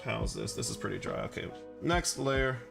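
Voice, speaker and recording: A man with a low, gravelly voice talks casually on a livestream as he paints. He rambles, fills gaps with "like" and "uh", and answers his chat. Soft music plays quietly under him. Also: lively intonation, moderate pace. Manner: rambling and chatty, full of fillers and chuckles, reads chat aloud.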